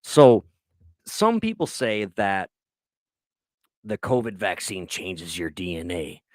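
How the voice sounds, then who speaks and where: A man hosting a podcast in casual chat, rambling excitedly and swearing often. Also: low voice, takes it slowly, no echo. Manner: profane, rambling, excitable storytelling. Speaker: podcast host. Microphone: laptop recording.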